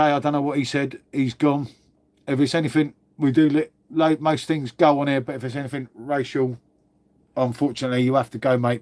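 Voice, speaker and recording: An Englishman with a slightly higher voice than most men chats casually on a livestream, answering viewers as he goes. He's blunt, swears freely and drops "mate" into nearly every sentence. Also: darkish tone. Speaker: livestream host.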